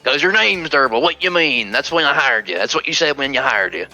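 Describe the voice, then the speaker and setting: A man's voice: medium pitch, animated, brisk, pushed and bright, soft background music, voice pushed up. A man voicing a grumpy, bossy old male halfling merchant who barks orders and curses. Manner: barking, bossy, cursing.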